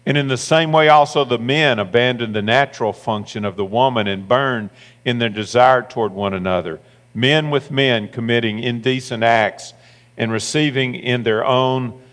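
A man's voice: medium pitch, moderate pace, fairly bright tone. A man preaching a sermon as pastor, reading scripture aloud and driving points home by repeating phrases. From United States. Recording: long hall reverb with mains hum.

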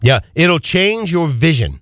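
A man hosting a call-in radio show, preaching with fervent, rapid-fire rhetorical questions from a studio. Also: on the high side, very animated, fairly bright tone, no room sound. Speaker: radio talk show host.

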